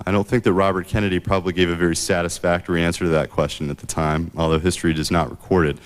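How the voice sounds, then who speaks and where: A man giving a prepared book talk, measured and full of "uh" fillers and restarts. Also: low-pitched, flat delivery. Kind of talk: prepared lecture.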